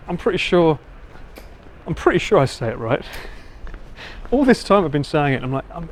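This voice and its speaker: A man's voice: a little high, normal speed, long pauses, slight background noise. A man with an Essex accent chatting casually with his live viewers while walking city streets, teasing and laughing as he goes. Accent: Essex English. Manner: lively, laughing, teasing banter with swearing. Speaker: IRL livestreamer.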